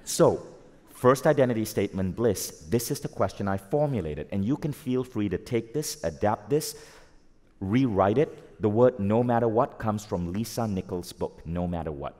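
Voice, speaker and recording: Lower-voiced man lecturing in a big hall. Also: moderate pace. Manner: energetic, asks the audience questions, acts out quoted voices. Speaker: speaker giving a motivational talk to an audience. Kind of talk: live motivational talk. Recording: long hall reverb.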